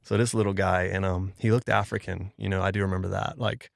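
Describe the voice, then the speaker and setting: A man from Florida, a pastor, tells a personal story as a podcast guest. His voice is low with a gravelly edge, recorded dry and close. He speaks casually and slangily, and he acts out what people said. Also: level tone, a little fast, no echo.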